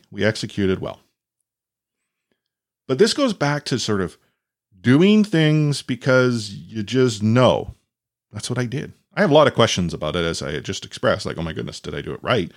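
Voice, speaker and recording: Animated rambling father telling a story. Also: lowish voice. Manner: rambling, animated, acts out quotes with many restarts. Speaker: podcast host, father. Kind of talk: casual storytelling monologue.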